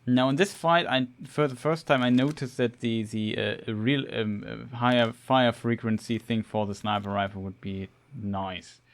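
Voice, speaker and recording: A man's voice: medium pitch, moderate pace, hardly any pauses. A man streaming a game, giving casual, hesitant commentary as he plays. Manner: thinking aloud, hesitant with fillers.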